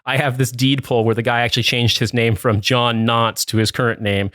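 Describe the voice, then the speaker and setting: A man's voice: mid-range voice, flat delivery, fairly quick, fairly bright tone, no room sound, studio quality. A man hosting a podcast chat, reading a news article aloud with sardonic asides and swearing. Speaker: podcast host.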